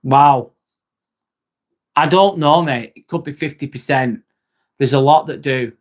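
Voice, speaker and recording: A man's voice: on the high side, a little slow. Chatty man in his forties. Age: 40s. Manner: chatty, blunt, often trails off into "um" and "mate". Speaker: livestream host and nurse. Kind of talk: casual livestream chat with viewers.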